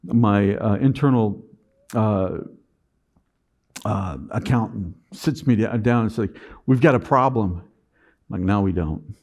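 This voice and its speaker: A man's voice: on the low side, takes it slowly, pauses often. Man telling a business story on stage. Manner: animated storyteller acting out his own past self. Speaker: conference speaker. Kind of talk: personal business story told to an audience.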